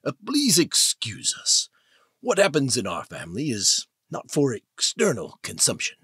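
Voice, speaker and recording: A man's voice: medium pitch, huge pitch swings, measured pace, fairly bright tone, husky, dry recording, clean studio sound, heavily acted. Man doing a curt, stern older father.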